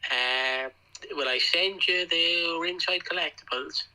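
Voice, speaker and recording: A man's voice: fairly high pitch, takes it slowly, pushed and bright, rough recording. A man co-hosting a wrestling podcast in casual chat, laid-back and reading facts from his notes. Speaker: podcast co-host.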